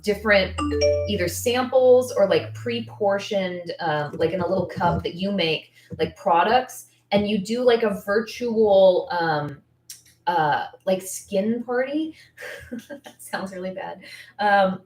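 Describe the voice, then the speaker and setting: A woman in her thirties speaks as a business coach in a low-pitched voice, rambling and thinking out loud with plenty of fillers. She sounds candid and heartfelt. The recording is roomy and echoey, with the mic set some distance away. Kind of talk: casual Q&A talk.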